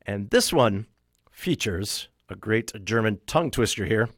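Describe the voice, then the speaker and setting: A man's voice: lowish voice, expressive, unhurried, no room sound, studio quality. A man hosting a radio show, reading out a list of soundtrack releases in a casual, wry way and correcting himself as he goes. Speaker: radio host.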